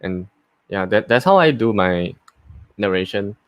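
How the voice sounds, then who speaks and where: A man who does voice work talks slowly through his methods, halting often with fillers and restarts. His voice sits a little low, and the sound is dry and close. He keeps it casual, as in a live chat. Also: lively intonation, no room sound. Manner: unhurried, with many fillers and restarts. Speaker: voice actor. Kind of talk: casual live talk and voice demo.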